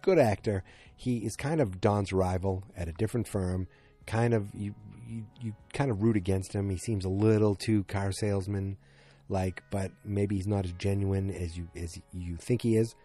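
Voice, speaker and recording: A man's voice: fairly low pitch, steady tone, moderate pace, mellow, faint music behind. A man casually recapping a TV episode as a podcast host, rambling with many fillers and restarts.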